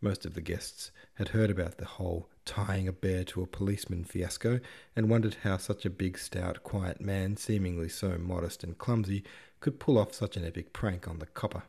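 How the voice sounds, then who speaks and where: A man's voice: low voice, steady tone, moderate pace, gravelly, warm tone, husky. A man narrating a classic novel in a wry, slangy retelling. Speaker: podcast host reading a novel. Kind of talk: audiobook narration.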